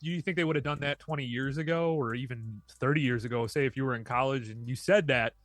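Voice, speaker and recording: A man co-hosting a podcast, chatting casually with quick joking asides. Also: mid-range voice, a bit bright, dry recording. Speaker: podcast co-host. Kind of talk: casual chat.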